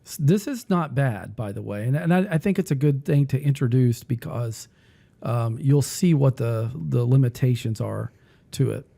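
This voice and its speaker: A man hosting a casual talk who rambles and thinks aloud while he clicks through music software. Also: medium pitch, expressive, moderate pace, vocal fry. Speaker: music teacher and podcast host.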